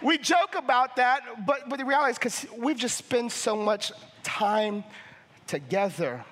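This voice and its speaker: A young man preaching a sermon as a family ministries pastor, passionate and fervent, often repeating and restarting words as he builds to near shouting. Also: extremely high pitch, lively intonation, unhurried. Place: church auditorium. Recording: church hall reverb.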